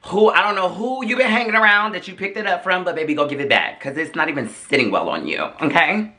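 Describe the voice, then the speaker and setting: A man's voice: high voice, lively intonation, quick pace, pushed and bright. A man hosting a storytime vlog, telling his story in a sassy, dramatic, chatty way. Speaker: vlogger host. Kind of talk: casual storytime.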